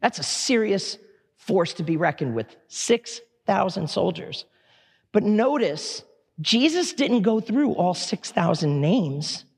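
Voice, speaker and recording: A man preaching a sermon in a church, impassioned but conversational, with quick asides to the congregation. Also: high voice, very animated, vocal fry, slightly rough. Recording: long hall reverb.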